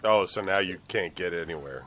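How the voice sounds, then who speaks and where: A man co-hosting a casual podcast chat, recounting things in a relaxed way with many "like"s. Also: low-pitched, brisk, faint music behind. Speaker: podcast co-host.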